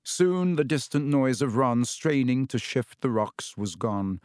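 A man reads a fantasy storybook aloud in a measured, dramatic way, at a middle pitch. The recording is dry, with no room sound around the voice. It suits an audiobook. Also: expressive, a little mellow, no echo. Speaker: audiobook narrator. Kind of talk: scripted storybook narration.

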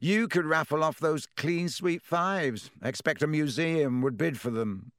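A man's voice: a little high, unhurried, a bit bright, clean tone, no room sound, studio quality, voice pushed up. A man voicing a smug, sneering rich schoolboy with a contemptuous drawl in a storybook reading.

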